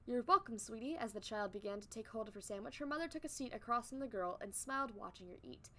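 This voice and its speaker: A young adult woman streamer reading a story aloud on a live stream, chatting with viewers between passages in a playful, animated way. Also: mid-range voice, quick pace.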